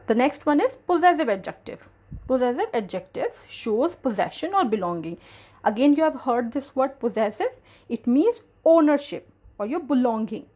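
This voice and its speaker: Lady teacher, slow and patient, kinda high voice that bounces around a lot. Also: darkish tone, husky. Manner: slow, repeats key terms, explains patiently. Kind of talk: grammar lesson.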